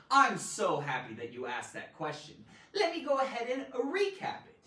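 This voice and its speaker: A woman teaching a live online grammar lesson, animated and theatrical, with loud exclamations. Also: a little high, a little slow, roomy sound, far from the mic, rough recording.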